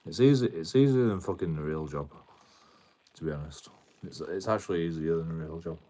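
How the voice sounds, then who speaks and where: A man's voice: low voice, moderate pace, creaky, dark tone. A British man live streaming, arguing with his chat in a combative tone, swearing a lot and repeating himself. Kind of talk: ranting at chat on a livestream.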